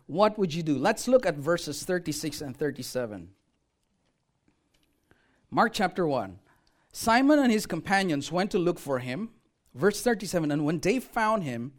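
A preacher giving a lively sermon, often throwing questions out to the listeners. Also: mid-range voice. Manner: animated, asks the audience questions.

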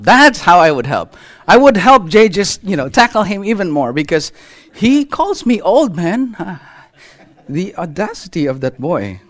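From the pulpit, a middle-aged pastor preaches in a voice pitched higher than usual, delivering a sermon built around a children's illustration. His pitch rises and falls as he tells the story, and he keeps asking the congregation rhetorical questions.

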